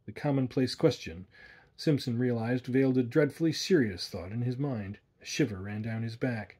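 A man narrating a spooky tale in a measured, atmospheric way. His voice is dark and mellow with a husky grain. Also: mid-range voice. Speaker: audiobook narrator. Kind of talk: scripted narration.

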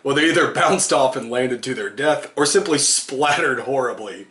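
A man's voice: mid-range voice, animated, moderate pace, a bit bright. Man reading a comic story in an echoey room. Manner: giggles while reading, amused. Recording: roomy echo.

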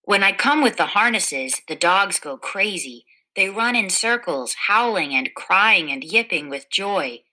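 Slow, bright-voiced woman reading a storybook. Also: medium pitch, animated, poor audio. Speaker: storybook reader. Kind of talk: children's picture book read-aloud.

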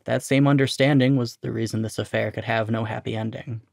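A man reading his own short story aloud in a measured, steady narration. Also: medium pitch, creaky, no room sound, studio quality. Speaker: reader.

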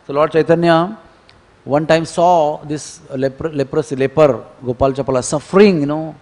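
A man giving a devotional scripture lecture in a temple, telling stories and moving between hushed and emphatic delivery. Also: a little high. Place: temple hall. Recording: long temple hall reverb.

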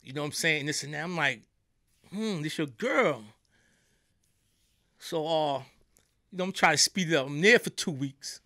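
A middle-aged man with a New York accent talks as a guest in a podcast studio. He tells his stories in loose street slang and keeps checking in with "you know what I'm saying". His voice sits a bit high, with a bright, forceful edge and a dry, close sound. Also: brisk, no room sound. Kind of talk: casual storytelling.

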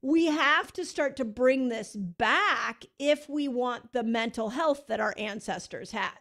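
A middle-aged woman from the United States hosts a podcast chat. Her voice sits a little high and she talks earnestly, pressing her points and often restarting mid-sentence. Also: unhurried, a bit bright. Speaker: podcast host. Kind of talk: casual interview chat.

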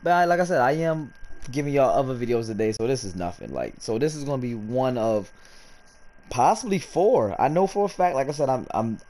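A man's voice: mid-range voice, sing-song, fairly quick, darkish tone. A man hosting his own gaming channel, talking casually in slang and rambling as he plays and opens packs. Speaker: gaming YouTuber host.

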